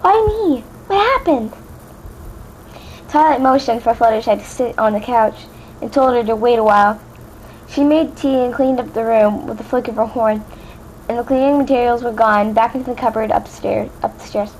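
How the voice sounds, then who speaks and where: Casual amateur woman narrator, chatty asides, a bit high-pitched. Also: fairly even intonation, brisk, a little mellow, slight background noise, low-quality recording. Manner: stumbling restarts, chatty asides to viewers. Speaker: fanfiction reader. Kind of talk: casual read-aloud narration.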